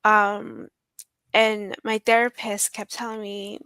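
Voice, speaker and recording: A woman guest in an interview, telling a personal story in a halting, emotional way with many pauses. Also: medium pitch, vocal fry, sharp tone, no echo.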